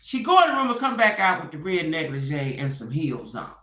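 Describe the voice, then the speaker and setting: Animated woman dishing gossip in an echoey room. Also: deep voice, brisk, soft background music. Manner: animated storytelling, acts out quotes. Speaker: gossip commentator. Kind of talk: casual commentary.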